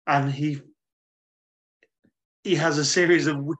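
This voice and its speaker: A man co-hosting a casual podcast who explains a film plot in a measured way and repeats phrases as he goes. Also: on the high side, fairly even intonation, fairly bright tone. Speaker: podcast co-host. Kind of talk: casual chat.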